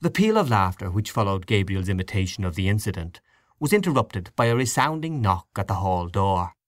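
Male audiobook narrator, measured reading, low voice, very lively intonation. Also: no room sound, studio quality. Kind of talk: scripted narration.

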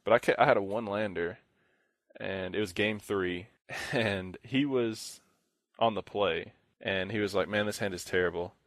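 Low-voiced young man telling a rambling story. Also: measured pace, a bit bright, dry recording. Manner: rambling storyteller, acts out other players' lines. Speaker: podcast co-host. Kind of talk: casual chat.

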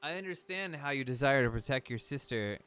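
A man's voice: medium pitch, lively intonation, brisk, a bit bright, clean tone, natural voice. A man voicing a wise, solemn talking boat who guides a hero, reading game dialogue aloud on stream and tripping over words. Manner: reads text boxes aloud, stumbles on words.

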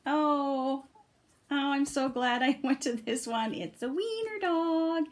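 A woman's voice: sits high, slow. A middle-aged woman gushing and laughing often as she reviews a deck of dog oracle cards in a casual video. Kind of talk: casual card reveal and review.

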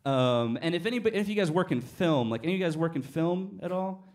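A man telling stand-up stories on a small cafe stage, animated and swearing freely as he acts out each scene. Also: fairly high pitch, quick pace. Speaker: stand-up comedian. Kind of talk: stand-up storytelling.

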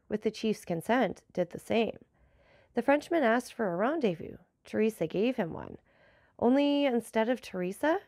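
Storybook bandit messenger, humble and respectful, gravelly, close and dry, read by a woman. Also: on the high side, darkish tone, dry recording. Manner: deferential, explaining. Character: grateful, deferential bandit messenger, Peppino.

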